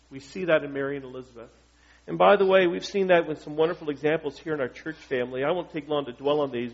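A man's voice: a little high, breathy edge. A male pastor preaching a sermon in a conversational, joking way and asking his congregation questions. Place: church. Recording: dull lo-fi recording.

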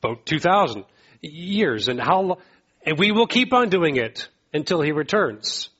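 Man, preaching, emphatic, repeats himself, slightly high husky voice, dull lo-fi recording. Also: very animated, measured pace, a bit bright. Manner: emphatic, repeats phrases, rises in pitch to exhort. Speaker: pastor. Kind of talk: sermon.

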